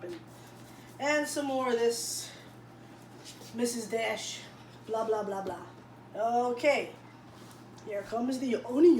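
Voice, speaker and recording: A woman chatting playfully as she cooks in a home kitchen, filling pauses with little nonsense sounds. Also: on the high side, far from the mic, slight background noise. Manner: chatty, playful, fills gaps with blah blah and la la. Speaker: home cook. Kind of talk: casual cooking vlog. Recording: roomy sound from off the mic, faint ambience.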